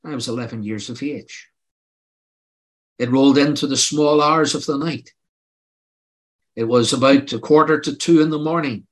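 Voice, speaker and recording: A man's voice: mid-range voice, moderate pace, pauses often. An older man preaching a sermon, telling his own testimony in an earnest, pleading way that rises to emphatic outbursts.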